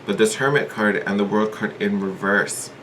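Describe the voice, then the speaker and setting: Low-voiced man giving a tarot reading. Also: moderate pace, a bit bright, a little hiss or hum. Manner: thinks aloud with hedges and repeats, earnest and encouraging. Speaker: tarot reader.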